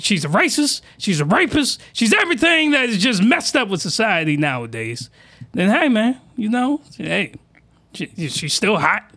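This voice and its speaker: A man's voice: high voice, a bit bright. A man hosting a crude comedic reaction commentary, talking in rowdy, slangy, exaggerated outbursts. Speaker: commentary host.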